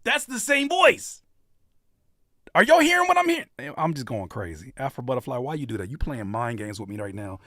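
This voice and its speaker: An animated man hosting a live music reaction stream, his voice swinging widely up and down as he jokes and riffs. He repeats phrases for emphasis in a casual, conversational way. The sound is dry and close. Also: mid-range voice, brisk, no room sound. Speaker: host reviewing music submissions. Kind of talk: casual livestream reaction chat.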